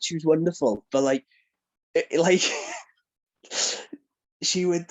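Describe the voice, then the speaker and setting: A man from South Wales with a Welsh accent, a wrestler telling animated stories in a casual interview and laughing often. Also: on the high side, slow. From Newport, South Wales. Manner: animated, chatty, laughs often, keeps asking "do you know what I mean". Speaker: professional wrestler guest.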